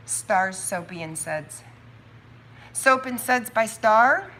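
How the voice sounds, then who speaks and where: A woman chatting on her own live stream about her soap business, thinking out loud with quick asides and laughs. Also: fairly high pitch, expressive, slight background noise. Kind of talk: casual livestream chat.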